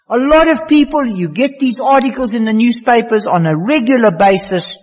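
A man preaching a sermon slowly and emphatically, his voice rising on the key words. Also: very high voice, lively intonation, breathy edge. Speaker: pastor. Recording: dull lo-fi recording in a reverberant hall.

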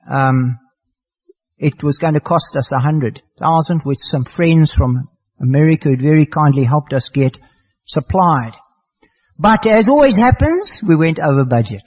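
Husky older preacher. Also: male voice, a little high, darkish tone. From South Africa. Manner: earnest, storytelling, with emphatic repeated phrases. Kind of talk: sermon. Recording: muffled lo-fi sermon recording.

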